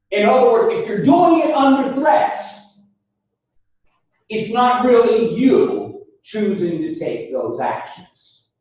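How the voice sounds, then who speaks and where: A man lecturing a philosophy class, deliberate and explanatory, calling the students folks and quizzing them as he goes. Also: high voice, darkish tone. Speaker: philosophy instructor. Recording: echoey classroom recorded from far off, dull lo-fi sound.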